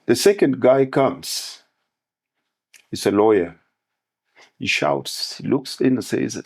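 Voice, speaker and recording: A man's voice: mid-range voice, slow, vocal fry, long pauses, breathy edge. A man as a podcast guest on manhood, speaking in parables and analogies. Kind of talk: podcast conversation with storytelling.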